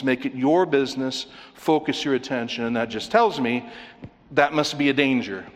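A man's voice: mid-range voice, normal speed. A man preaching an expository sermon in an earnest, explaining way, asking rhetorical questions as he goes through a passage. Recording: long hall reverb.

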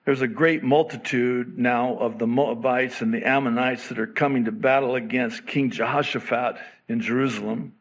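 A man preaching a sermon, slow and emphatic, with sudden rises in pitch on key words. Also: fairly even intonation. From half Egyptian father. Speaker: pastor.

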